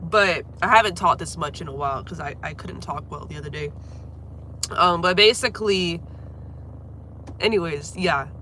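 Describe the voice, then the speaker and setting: Young woman with a cold on a livestream, congested, rambly, bright sound, little hum in back. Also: lowish voice, moderate pace, pauses often. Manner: chatty, rambling, apologetic. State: has a cold, congested and coughing. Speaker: livestreamer and singer. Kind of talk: casual livestream chat. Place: at home.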